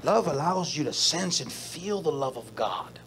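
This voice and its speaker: High-voiced, slow-preaching male pastor. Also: animated, a bit bright, slight background noise. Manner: repetitive preaching with call-and-response to the congregation. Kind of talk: sermon. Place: church service.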